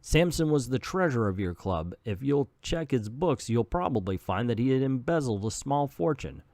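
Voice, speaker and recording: A man's voice: mid-range voice, very animated, normal speed, darkish tone, no echo. A man voicing a confident adult male archer hero from an old comic, reading the lines plainly.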